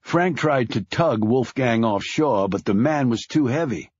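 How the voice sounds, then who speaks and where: A husky male voice narrating a thriller audiobook, grave and measured, with a lively rise and fall in pitch. The sound is dry and slightly dull, close to the mic. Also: dry recording. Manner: grave, measured, dropping low on sad lines.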